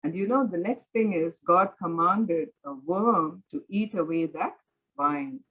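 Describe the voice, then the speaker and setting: A woman leads a Bible study, talking earnestly and conversationally, with many filler words along the way. Her pitch moves a great deal and her voice has a slightly husky edge. The recording sounds dull and lo-fi. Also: expressive, a little slow, fairly bright tone.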